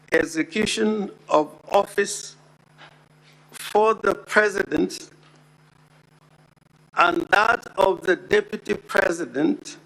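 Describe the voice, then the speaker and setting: A man making a formal legal argument before the Senate as counsel, deliberate and emphatic, repeating key words for weight. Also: sits high, gravelly, fairly bright tone, poor audio. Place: Senate chamber.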